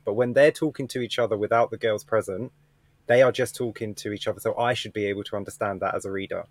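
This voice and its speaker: A man's voice: lowish voice, fairly even intonation, fast talker, dry recording. A man on a book club podcast, talking casually with dry, sarcastic humor.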